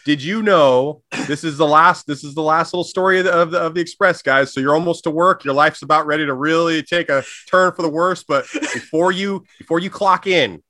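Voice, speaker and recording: Joking male podcast co-host, bright voice. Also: fairly high pitch, dry recording. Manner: joking, rambling, mock-preachy. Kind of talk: casual comedy chat.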